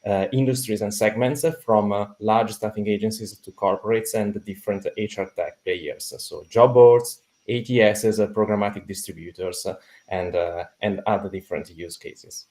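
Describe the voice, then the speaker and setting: A man's voice: fairly low pitch, fairly even intonation, normal speed, a little mellow. A man with an Italian accent, speaking as a podcast guest in a hesitant way, with many fillers and restarts. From Italy. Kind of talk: conversational interview.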